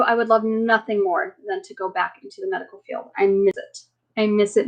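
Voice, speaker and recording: A woman hosting a casual live chat, talking in an earnest, halting way and often circling back on herself. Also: medium pitch, steady tone, low-quality recording. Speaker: livestream host.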